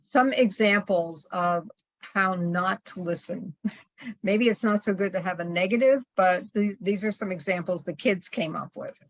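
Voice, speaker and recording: A woman presenting a training session, explaining in a calm, measured way. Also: medium pitch, no echo. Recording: dull, dry lo-fi recording.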